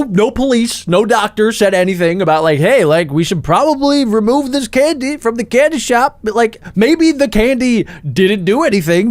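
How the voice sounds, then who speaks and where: Reaction host, male, high and lively delivery that exclaims and argues with the screen. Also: dry recording. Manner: expressive, exclaims often and talks back at the story. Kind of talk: casual reaction commentary.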